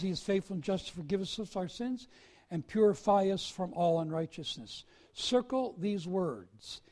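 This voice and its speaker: A male preacher giving a sermon, swinging from soft confession to loud emphasis. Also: high-pitched, lively intonation, normal speed.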